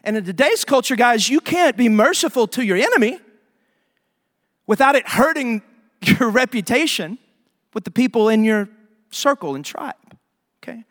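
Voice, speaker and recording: A man preaching a sermon as pastor, telling stories in an animated way and acting out the people in them. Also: very high-pitched, normal speed, long pauses, in a large hall. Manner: animated storytelling with voiced asides.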